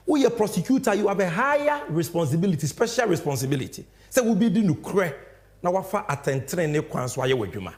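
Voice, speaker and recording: A young Ghanaian man delivering fiery political commentary. His voice sits high for a man, and his pitch swings widely as he hammers home each point. He talks in an emphatic, animated way. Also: fairly quick. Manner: animated, emphatic, switching between English and Twi.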